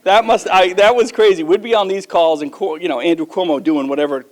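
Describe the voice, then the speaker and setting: A man giving a lively, joking introduction to a breakfast audience, with big jumps in pitch. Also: fairly quick. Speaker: guest speaker introducing a governor. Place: event room with audience.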